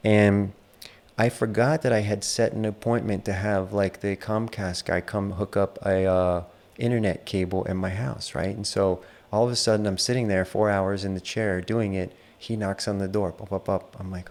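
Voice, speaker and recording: A man teaching the internal arts in a casual spoken lecture, relaxed and rambling, with many fillers as he tells a story. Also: on the low side, normal speed.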